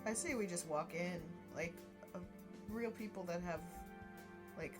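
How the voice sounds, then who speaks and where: A woman playing a tabletop game, chatty and quick with asides. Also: lowish voice, over music. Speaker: player. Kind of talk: casual tabletop game chat.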